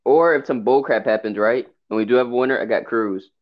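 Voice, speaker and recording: A man's voice: medium pitch, fairly quick. Laid-back young man on dull audio. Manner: laid-back, repetitive slang. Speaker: podcast co-host. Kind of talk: casual wrestling chat.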